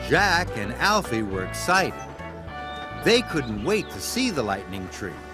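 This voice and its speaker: A man narrating a children's storybook in an expressive, animated reading. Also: mid-range voice, unhurried. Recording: music playing behind.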